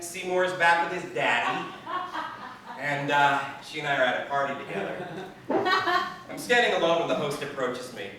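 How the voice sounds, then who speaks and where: Wry male storyteller with a lively voice. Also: fairly high pitch, noisy background. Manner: wry, drawn-out delivery with dramatic pauses. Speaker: spoken word performer. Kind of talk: live spoken word storytelling. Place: party venue, indoors. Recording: echoey room from far off with audience laughter.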